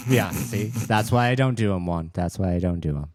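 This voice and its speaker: A man's voice: low voice, a little fast, darkish tone, no room sound. A man co-hosting a podcast with dry, laid-back humor and frequent laughs. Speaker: podcast co-host. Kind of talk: casual podcast banter.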